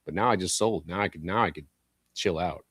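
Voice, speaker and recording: A man hosting a live stock trading show, talking bluntly and excitably as he trades, swearing at the market. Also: deep voice, a little fast, breathy edge, no room sound, studio quality.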